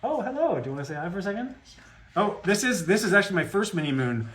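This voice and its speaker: A man's voice: high voice, sing-song, quick pace, fairly bright tone. A man chatting casually with fans on a live autograph stream, rambling and joking in a self-deprecating way. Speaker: guest voice actor at a fan autograph Q&A.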